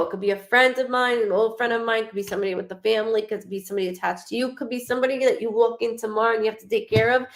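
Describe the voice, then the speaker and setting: A woman giving a live psychic reading, talking in quick, rambling bursts and often correcting herself. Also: medium pitch. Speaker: psychic medium. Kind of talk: live-streamed reading to viewers.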